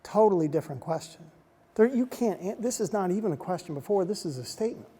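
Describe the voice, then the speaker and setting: Warm-voiced man in an echoing hall. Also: high voice, quick pace, husky. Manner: animated, acts out quotes, drops to a soft hush for emotional moments. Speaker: speaker addressing soldiers. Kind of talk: motivational storytelling talk. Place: large hall on a military base. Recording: long reverb of a large hall.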